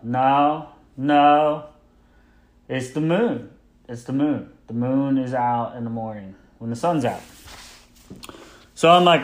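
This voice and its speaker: A man's voice: medium pitch, lively intonation, slow. A man in his thirties telling a casual, rambling, self-mocking story about being a father.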